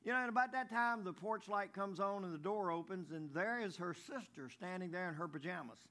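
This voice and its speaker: A man's voice: high-pitched, moderate pace, fairly bright tone. A man preaching a folksy sermon, stumbling over and repeating words as he tells jokes. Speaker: pastor.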